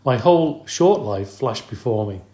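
A man narrates a children's storybook in the first person, with a lively, expressive delivery. His voice sits at a middle pitch. The recording has a roomy reverb. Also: normal speed. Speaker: audiobook narrator.

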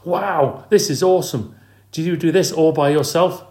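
A man's voice: a little high, moderate pace, reverberant, pitched above the performer's own voice, natural voice. A man reading an audiobook, voicing an eager, helpful young schoolboy who explains things keenly. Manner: bright, keen, explaining.

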